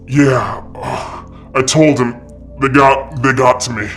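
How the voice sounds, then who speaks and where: Shaken, beaten werewolf played by a man: slow, halting, repeats words, faint music. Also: medium pitch, steady tone, a bit bright, pitched below the performer's own voice.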